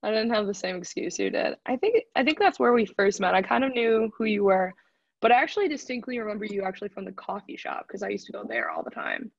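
A woman guest on a podcast, speaking in a husky voice with some gravel in it. She chats in an easygoing way. The sound is dry and muffled, like a lo-fi recording. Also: mid-range voice, big pitch swings, fast, dry recording. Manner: easygoing, laughs often. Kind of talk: casual chat.

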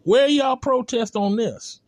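A man's voice: extremely high pitch, takes it slowly, dry recording. A man giving a blunt, impassioned spoken rant, hammering points with repeated rhetorical calls and casual speech. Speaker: commentator.

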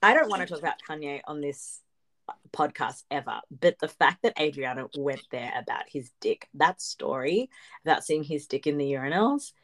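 Woman, podcast co-host, blunt, sarcastic, lowish voice, very animated. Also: moderate pace. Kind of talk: casual reality TV recap chat.

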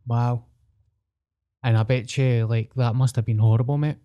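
A man's voice: mid-range voice, steady tone, moderate pace, mellow, lo-fi sound. A Glaswegian man co-hosting a podcast, joking bluntly with plenty of swearing. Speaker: podcast co-host. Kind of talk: casual chat.

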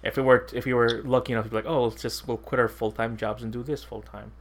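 A man's voice: medium pitch, flat delivery, fast. Laughing, rambling male podcast co-host. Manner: laughs often, loose rambling storytelling. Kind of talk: casual chat.

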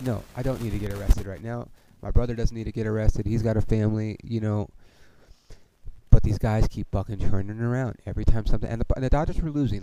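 A man's voice: fairly low pitch, noisy background. A man hosting a podcast, telling a story in a heated, profanity-heavy way, peppered with "dude" and "okay". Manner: heavy swearing, heated and animated; frequent fillers like "dude" and "okay". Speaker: podcast host. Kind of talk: casual storytelling monologue.

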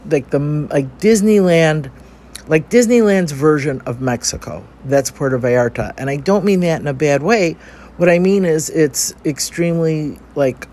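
A man's voice: on the high side, dark tone, a little hiss or hum. A man talking casually about life abroad in a travel vlog, rambling along with many fillers and restarts. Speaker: travel vlogger. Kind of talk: casual spoken travel diary.

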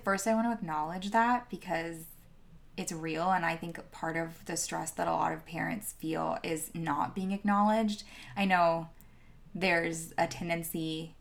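Earnest woman, slightly low voice. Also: vocal fry. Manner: earnest, reflective, many "like" and "um" fillers. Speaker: guest, former teacher. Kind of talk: conversational interview answer.

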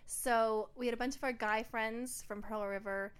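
An American woman co-hosting a podcast, telling a story in a lively, chatty way and laughing often. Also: fairly high pitch, normal speed, smooth. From New York, US. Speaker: podcast co-host. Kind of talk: casual chat.

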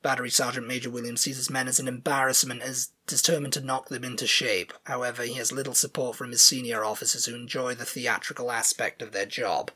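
Husky-voiced British man chatting. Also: mid-range voice, level tone, fast, few pauses, bright, forceful tone. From Britain. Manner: rambling, filler-heavy, reads out show synopses. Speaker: podcast co-host. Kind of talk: casual chat.

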